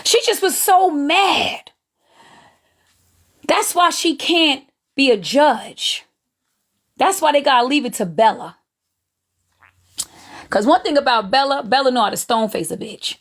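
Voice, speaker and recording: A woman's voice: sits high, unhurried, long pauses. A woman hosting a live stream, giving gleeful gossip commentary on other streamers. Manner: animated, gleeful, drawling Southern Black vernacular phrasing.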